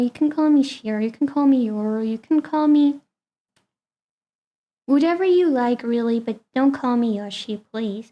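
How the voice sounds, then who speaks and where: A woman's voice: fairly high pitch, dark tone. A woman streamer chatting casually with her viewers and talking fondly to her cat.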